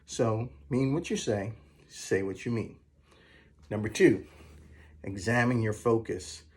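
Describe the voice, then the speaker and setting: A man coaching viewers through numbered communication tips, slowing down to stress the key phrases. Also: fairly low pitch, husky. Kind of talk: motivational advice talk.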